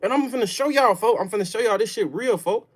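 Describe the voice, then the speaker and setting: This man talks with a Chicago accent and tells a story on his stream. He speaks in casual, profane street slang, dropping "folk" and "bro" between phrases. He sinks into low brooding murmurs, then breaks into loud, raised outbursts. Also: quick pace. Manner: emphatic, profane street talk, peppers lines with "folk" and "bro". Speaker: livestream host. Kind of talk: casual storytelling to a live audience.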